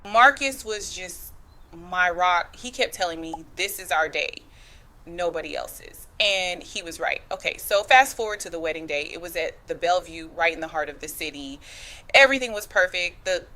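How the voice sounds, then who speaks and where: A woman with a slightly low voice tells her own story like she's talking to a friend. She speaks in a dialect flavor and drops in "girl" and "chile" as she goes. Her delivery is loose and conversational. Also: animated, normal speed, pushed and bright. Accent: African American English. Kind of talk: first-person storytelling.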